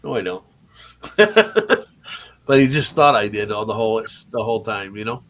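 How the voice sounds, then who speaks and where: A man's voice: fairly low pitch, big pitch swings, moderate pace, a bit bright. Ozarks guy who plays santa, rambling stories, mid voice, muffled lo-fi audio. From Missouri Ozarks. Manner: rambling anecdotes with stammered restarts. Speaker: Santa performer. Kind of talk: casual studio chat.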